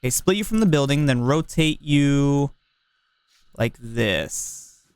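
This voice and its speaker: A man's voice: mid-range voice, lively intonation, takes it slowly, clean tone, dry recording. A man streaming a park-building game, casually thinking aloud and chatting with viewers in a playful way. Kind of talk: casual livestream chat while building.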